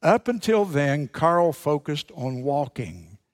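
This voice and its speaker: A male pastor preaching a sermon with emphatic, dramatic pauses, repeating key phrases for effect. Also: fairly high pitch, very animated.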